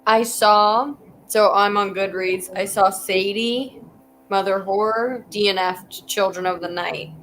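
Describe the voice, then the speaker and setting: A woman's voice: medium pitch, steady tone, takes it slowly, a bit bright, slight background noise, poor audio. A woman in a book club chat over a video call, plainly listing titles and sharing what she has read.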